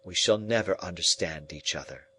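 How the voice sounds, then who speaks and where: A cold, proud young woman speaks with cool, measured contempt, voiced by a man reading the book aloud. The delivery stays level and aloof, like a storybook figure holding a suitor at arm's length. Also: low voice, pushed and bright, slightly rough, full character voice, poor audio. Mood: firm.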